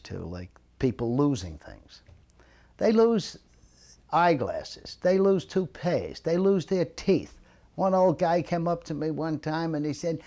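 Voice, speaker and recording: A man's voice: medium pitch, normal speed. An older man, a retired lifeguard telling stories from his past and acting out the people in them. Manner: animated storyteller, acts out quoted voices. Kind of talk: storytelling reminiscence.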